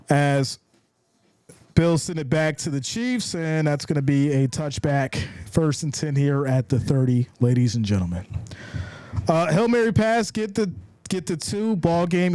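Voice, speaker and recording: A man hosts a live football reaction stream, calling each play and reading viewers' chat messages aloud. His pitch sits a bit high and swings widely as he gets fired up. The sound is dry and close. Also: dry recording. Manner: hyped, shouting and cheering on big plays; casual slang, repeats phrases.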